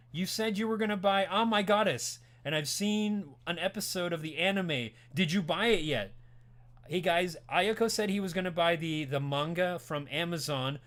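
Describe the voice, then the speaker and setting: An older man hosts an anime stream in a loose, rambling way, often restarting his sentences and chuckling as he answers his chat. His voice sits a little high for a man, and his tone stays lively and talkative. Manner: animated, chatty, rambling with frequent restarts; laughs while talking, reads chat aloud. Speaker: podcast host. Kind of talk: casual livestream chat.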